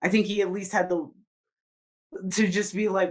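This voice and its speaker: A woman's voice: mid-range voice, fairly even intonation, moderate pace. A woman co-hosting a podcast, telling a story in casual chat, rambling with lots of fillers and swearing freely. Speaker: podcast co-host.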